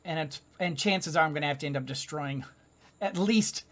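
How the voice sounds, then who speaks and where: A woman's voice: deep voice, moderate pace. A woman hosting a let's play, commenting on her game with dramatic groans, cries of dismay and frequent laughter. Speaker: gaming channel host.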